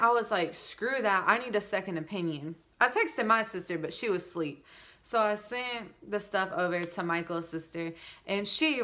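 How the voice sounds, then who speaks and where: A young woman vlogger, pregnant, chatting casually through a storytime with many likes and animated asides. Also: medium pitch.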